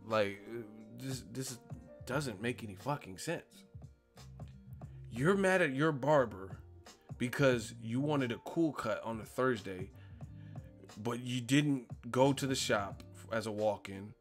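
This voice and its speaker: A man's voice: mid-range voice, a little slow, soft background music. A man hosting a casual live stream, ranting with profanity and disbelief, often laughing at his own points.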